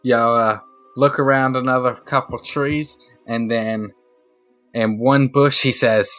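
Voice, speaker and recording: A male game master narrating a tabletop game in a loose, casual way, leaning on fillers as he goes. His voice is bright and forward at a middling pitch, with faint music under it. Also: little pitch movement, unhurried.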